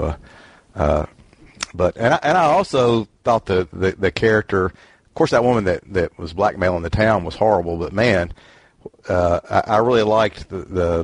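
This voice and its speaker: A man with a very low, husky voice talking about a book in a group chat. He stumbles and repeats words, tacking "and stuff" onto his thoughts. The sound is dry and close. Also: no room sound. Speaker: book club member. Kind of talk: casual book discussion.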